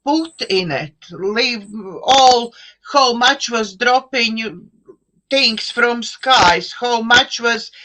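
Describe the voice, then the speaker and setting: A middle-aged woman with an Eastern European accent, hosting a live online chat show over a video call and speaking slowly, searching for words with many fillers and restarts. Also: fairly high pitch, bright, forceful tone, poor audio. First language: an Eastern European language. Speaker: host.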